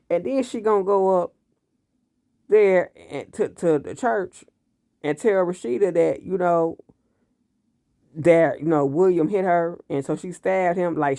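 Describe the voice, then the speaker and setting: A man recapping a TV series episode in casual, animated commentary, blunt and full of profanity. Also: fairly high pitch, creaky, no echo, studio quality. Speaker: TV show reviewer.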